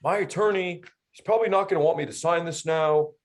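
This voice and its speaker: A man putting on the voice of a flaky, nagging male property buyer, speaking high and evasively. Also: a little fast, background noise, natural voice. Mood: whiny.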